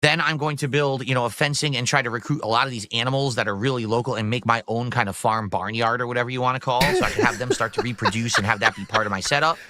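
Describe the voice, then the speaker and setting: A man's voice: mid-range voice, fast talker, few pauses, bright, forceful tone. A man hosting a casual livestream, rambling about his plans and reading out donor messages. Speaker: streamer host.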